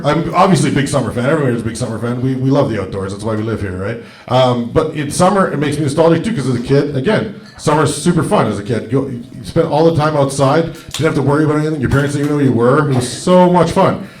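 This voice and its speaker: A man doing a stand-up set, casual and rambling, who keeps checking in with the crowd. His mid-pitched voice comes through a handheld mic. The echoey comedy club is heard from some distance. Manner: casual, rambling, frequent "right?" asides. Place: comedy club stage before a live audience.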